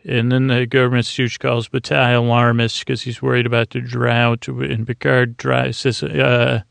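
A man talks through an episode recap in a loose, rambling way, full of "uh"s, "like"s and restarts. His voice has a gravelly texture and stays level, with little rise and fall. The sound is close and dry. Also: mid-range voice, little pitch movement, a bit bright, no echo. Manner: rambling, halting, many fillers and restarts. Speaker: podcast host recapping an episode. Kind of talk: casual recap chat.

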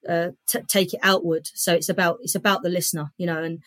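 A woman's voice: fairly low pitch, little pitch movement, fast, a bit bright, no echo. A woman comedian and writer chatting as a guest, upbeat and talking in long run-on strings. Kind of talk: casual interview chat.

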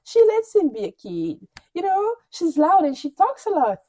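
A woman's voice: very high-pitched, wildly swooping pitch, normal speed, warm tone, dry recording. A woman hosting a podcast, recapping reality shows in candid, gossipy, opinionated chat and often laughing. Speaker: podcast host.

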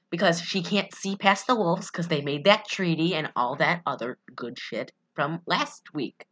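Young woman podcast cohost, bright tense voice, swears and giggles a lot. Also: on the low side. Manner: giggly, swears, acts out lines in quick impressions. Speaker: podcast co-host. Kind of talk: casual chat recapping a story.

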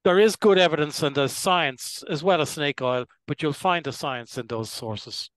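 Older man, dry and deliberate. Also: fairly high pitch, fairly bright tone, no echo, rough recording. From Ireland. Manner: measured, deliberate, clears his throat now and then. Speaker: gastroenterologist guest. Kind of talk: explanatory interview answers.

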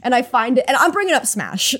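Woman co-host, breathy voice with a lively, bouncing pitch, wry and joking. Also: fast talker. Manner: wry, joking, self-mocking asides. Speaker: podcast co-host. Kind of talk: casual chat.

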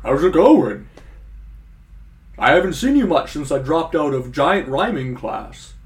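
A man playing a clumsy, friendly male giant in a comedy sketch, speaking in slow, goofy sing-song rhymes. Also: fairly high pitch, sing-song.

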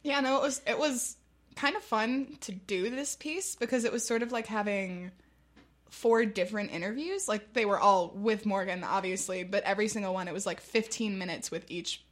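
A woman guest on a podcast, chatting and laughing a lot, with quick asides. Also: mid-range voice. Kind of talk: casual chat.

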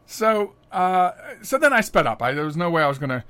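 A middle-aged man hosting a podcast, telling stories casually, chatty and animated, often laughing. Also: high voice, fairly quick, clean tone. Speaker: podcast host. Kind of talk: casual storytelling monologue.

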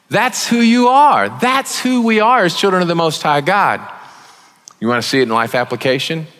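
A man preaching as a guest speaker, conversational and joking, with sudden loud emphasis. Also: on the high side. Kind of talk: sermon. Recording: long reverb of a large hall.

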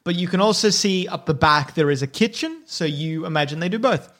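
A man running a tabletop game as game master, narrating in a relaxed, descriptive way. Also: a little high, fairly quick.

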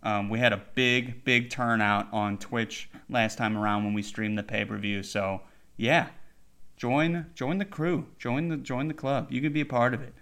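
A man's voice: mid-range voice, normal speed, fairly bright tone. A young man hosting a casual sports podcast, loose and hyped, swearing freely. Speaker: podcast host.

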